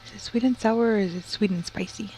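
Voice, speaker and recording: A woman co-hosting a casual home livestream, loud and joking, swearing often and dropping Spanish slang. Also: mid-range voice, fast, background noise. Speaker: streamer's co-host.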